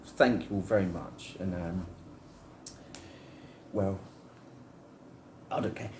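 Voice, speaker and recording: A man's voice: low-pitched, slow pace, darkish tone, reverberant, a little hiss or hum. A man giving a rambling, heartfelt spiritual monologue to camera, musing on love and trust.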